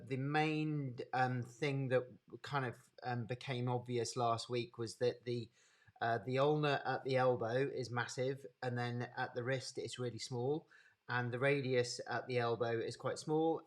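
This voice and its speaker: A man with a Birmingham accent giving an informal anatomy lecture over a live webinar, chatty and unhurried, greeting attendees by name. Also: medium pitch. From English Midlands.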